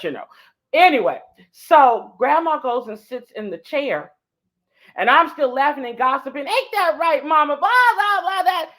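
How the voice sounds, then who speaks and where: A middle-aged woman, a motivational speaker guest in an interview, telling an emotional story, swinging from soft to shouting. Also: fairly low pitch, poor audio.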